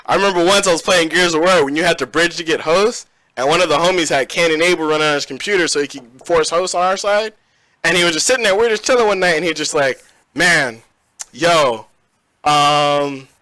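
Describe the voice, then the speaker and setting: A man's voice: fairly high pitch, fast, pushed and bright, no echo, rough recording. A young man hosting a casual gaming podcast, telling stories in a loose, joking, slangy way. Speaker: podcast host.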